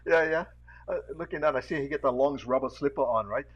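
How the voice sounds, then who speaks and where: A man hosting a casual video podcast, with a lilt, telling animated stories and acting out the voices of the people in them. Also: medium pitch, fast, dull audio. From Hawaii. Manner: animated storyteller, acts out voices, laughs often. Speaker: podcast host. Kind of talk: casual chat with storytelling. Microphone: video call.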